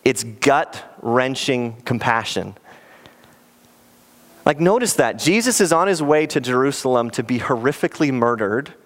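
A man preaching as a pastor in an earnest, animated sermon, often acting out quoted lines. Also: mid-range voice, unhurried.

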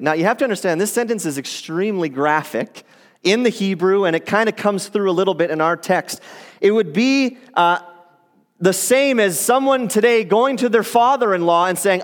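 A man giving a sermon as pastor, in a conversational, animated storytelling way. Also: high-pitched, normal speed. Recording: long hall reverb.

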